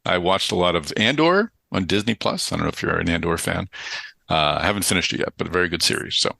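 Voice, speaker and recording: A man's voice: low-pitched, animated, fast talker, gravelly, sharp tone, dry recording. A man hosting a podcast, talking in a loose, casual way with frequent fillers. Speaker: podcast host.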